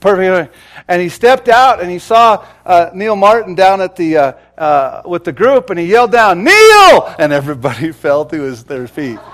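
A pastor in his forties preaching a sermon, telling stories and acting out the quotes with big swings from loud to soft. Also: sits high, moderate pace. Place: church sanctuary.

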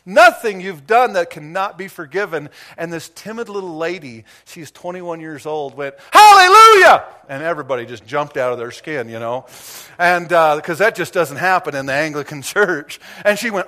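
A man preaching a sermon as pastor, moving from quiet, intimate stretches to loud, emphatic passages, with anecdotes and light self-deprecating asides. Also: on the high side.

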